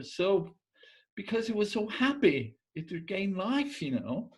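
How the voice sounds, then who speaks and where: A man telling folk tales and their morals in a relaxed conversational way, often pausing to search for words and dropping into quiet asides. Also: high voice, rough recording. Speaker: storyteller. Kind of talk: casual oral storytelling.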